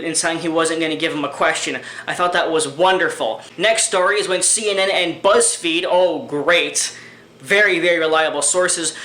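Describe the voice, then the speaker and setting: A man with a high, bright voice delivers angry commentary full of sarcasm and profanity. The recording is roomy, with echo around his voice. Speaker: political commentary vlogger. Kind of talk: ranting commentary. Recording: echoey room.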